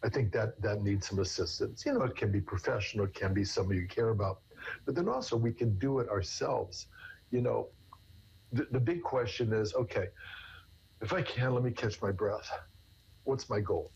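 A man speaks as a therapist guest, working through ideas with everyday examples. His voice is low and husky, and he sounds earnest. The recording is dull and lo-fi. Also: normal speed, darkish tone. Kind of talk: conversational interview answers.

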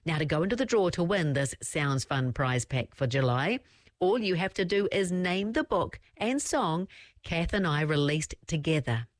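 A lively New woman hosts a kids' radio segment, her pitch sitting low but swinging widely as she teases listeners with a prize draw. The sound is dry and close, with no room around her. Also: moderate pace, dry recording. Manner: playful, teasing with silly answer choices. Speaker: children's radio host. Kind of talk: upbeat radio competition announcement.

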